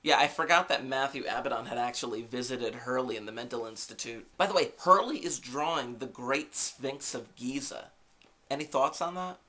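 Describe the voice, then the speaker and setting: A man hosting a podcast, giving a casual recap of a TV episode with lively, jokey asides and rhetorical questions. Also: medium pitch, moderate pace. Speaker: podcast host.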